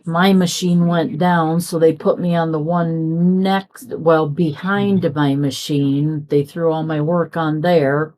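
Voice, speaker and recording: A middle-aged woman with a low voice talks in an unhurried, rambling way as she works on a craft. She drifts from one story to the next and slips into the voices of people she quotes. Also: fairly even intonation, warm tone. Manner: chatty, rambling, acts out quoted dialogue. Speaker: crafting vlogger. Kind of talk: casual chat while crafting.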